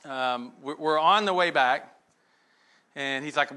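A man's voice: medium pitch, fairly quick, sharp tone. A middle-aged man giving a conversational sermon, telling stories and checking in with frequent asides to the listeners.

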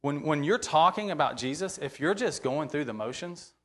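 A man's voice: a little high, expressive, moderate pace, fairly bright tone. A man teaching from the Bible to a church group in an informal, conversational way, often checking in with "right?" and speaking earnestly and openly about his feelings.

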